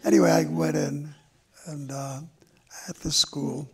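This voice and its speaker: An older man, a memoir author, telling stories from his life slowly and reflectively at a live talk on stage. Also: fairly high pitch, big pitch swings, creaky, a crowd in the background. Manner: slow and reflective, with drawn-out pauses. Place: stage event before an audience.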